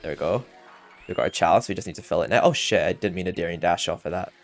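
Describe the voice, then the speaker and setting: Low-voiced chatty gaming commentator man. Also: quick pace. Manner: rambling, chatty, often laughing. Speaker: gaming channel host. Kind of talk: casual game walkthrough commentary. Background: game music.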